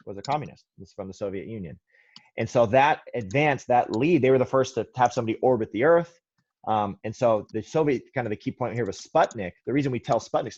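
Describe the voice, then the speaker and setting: A man's voice: mid-range voice, a little mellow, muffled recording. A man teaching a history class, lecturing loosely with many restarts and firing questions at his students. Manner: rambling, self-correcting, quizzes students.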